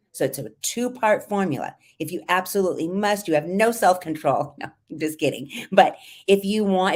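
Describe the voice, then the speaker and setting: Woman, middle-aged, voice coach, trained voice, low pitch, lively teaching. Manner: lively, demonstrative, exaggerates vocal fry and sung phrases to teach. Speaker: voice and confidence coach. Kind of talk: live coaching tips.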